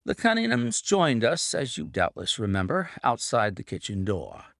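A man reading an audiobook, voicing a brilliant male detective explaining a case in a measured, deliberate way. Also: medium pitch, huge pitch swings, gravelly, fairly bright tone, no room sound, studio quality, exaggerated voice.

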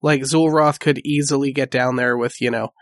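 A man's voice: mid-range voice, fairly even intonation, moderate pace, no room sound, studio quality. Casual man running a tabletop game. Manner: casual, descriptive storytelling. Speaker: game master.

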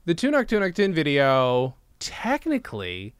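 Podcast co-host, male, joking and rambling, animated delivery, dry close mic. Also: a little high, a little slow, smooth, dry recording. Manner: joking, rambling, tries silly voices. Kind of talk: casual chat.

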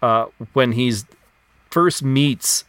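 Relaxed man in a dry room. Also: medium pitch, no echo. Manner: relaxed, unhurried retelling with fillers. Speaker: podcast co-host. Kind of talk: casual film discussion.

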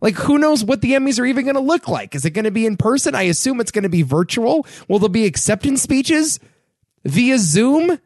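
A young man hosting his own podcast, talking casually and getting worked up into animated rants about pop culture. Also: fairly quick, no echo, clean studio sound. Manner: animated, ranting, rising pitch when worked up. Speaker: podcast host. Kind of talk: casual solo podcast commentary.

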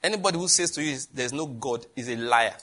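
A man preaching a sermon, lively, with laughter and questions thrown to the congregation. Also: mid-range voice, fast. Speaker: pastor.

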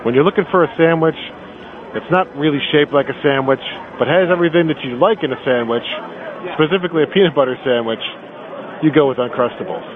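A man hosting a podcast, giving deadpan field reports from a busy convention hall, halting with fillers. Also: on the high side. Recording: tinny phone-like recording, crowd behind. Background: crowd chatter.

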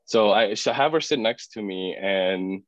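Male podcast guest, low voice, casual storyteller who voices the people in his story; dull, dry recording. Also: normal speed, no echo. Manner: expressive, acts out other people's words; filler-heavy, frequent "like".

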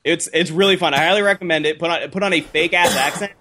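Animated joking podcast host, man. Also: on the high side, fast talker, slight background noise. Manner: animated, swears freely, jokey. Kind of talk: casual chat, storytelling.

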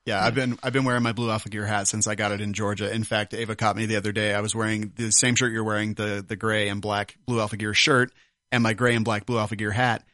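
A man's voice: fairly low pitch, little pitch movement, fast talker, sharp tone, no room sound, studio quality. Joking man hosting a podcast. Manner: joking, laughing often. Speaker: podcast host. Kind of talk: casual chat.

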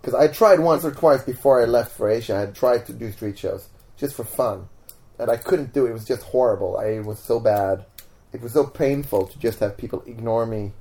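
A Swedish-accented man with a gravelly, creaky edge in his voice tells his story as a guest in a relaxed home interview. He rambles at an easy pace, full of "like"s and false starts. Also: mid-range voice, brisk. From Sweden. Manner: relaxed storytelling with repeated "like" and restarts. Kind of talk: casual interview chat.

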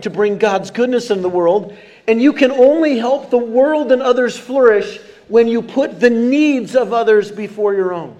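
A man preaches a sermon with a notably high voice. He keeps the congregation involved, calling out questions and asking for responses as he speaks from a church. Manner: animated, engaging the congregation with questions. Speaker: pastor. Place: church sanctuary.

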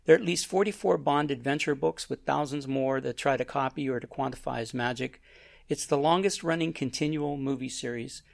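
A man's voice: mid-range voice, fairly quick, vocal fry. A man hosting a casual film chat, rambling and restarting his sentences. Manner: rambling, self-interrupting.

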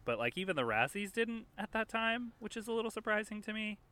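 A man's voice: high voice, big pitch swings, brisk, sharp tone. A man hosting a movie podcast, rambling with many fillers. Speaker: podcast host. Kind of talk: casual movie podcast chat.

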